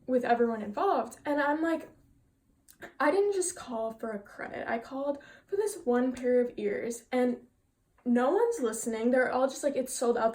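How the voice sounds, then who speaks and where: A young woman, sitting down to vlog an animated, frustrated story about a bad customer service call. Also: high voice. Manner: frustrated, animated retelling with quoted dialogue. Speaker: vlogger telling a story.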